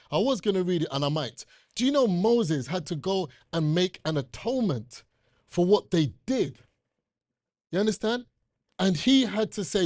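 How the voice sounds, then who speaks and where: A man's voice: sits high, dry recording, studio quality. Emphatic British man preaching a sermon. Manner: animated, emphatic scripture reading. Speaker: elder preacher.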